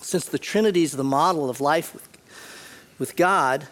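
A man preaching a sermon as pastor, earnest, often repeating words and clearing his throat. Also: a little high, normal speed, a bit bright.

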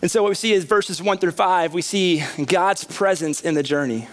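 A man's voice: high voice, normal speed. A man in his thirties, a pastor preaching a conversational sermon in a church. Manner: animated, conversational preaching with rising emphasis. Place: church sanctuary.

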